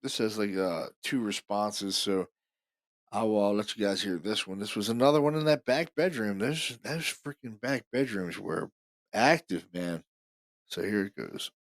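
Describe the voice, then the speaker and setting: A man's voice: on the low side, normal speed, dry recording. Eager man talking close and dry. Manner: eager, repeats himself a lot. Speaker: podcast host. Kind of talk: casual commentary on recorded evidence.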